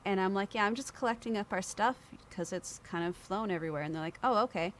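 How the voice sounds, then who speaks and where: In quick, lively conversation, a female podcast guest with a medium-pitched voice tells her own story and imitates the voices of people she quotes. Some slight background noise can be heard.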